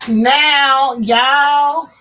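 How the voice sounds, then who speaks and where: A woman speaks in AAVE, commenting casually to her audience. Her delivery is slow and drawling, her voice sits slightly high, and she keeps turning to viewers with asides. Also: steady tone, sharp tone, rough recording.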